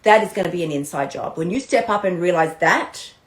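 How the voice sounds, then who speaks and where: A woman in her thirties, a weight-loss coach giving an animated, chatty pep talk on a live stream, laughing often and swearing lightly. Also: fairly low pitch, fairly quick. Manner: bubbly and animated, with frequent laughs and mild swearing. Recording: roomy echo.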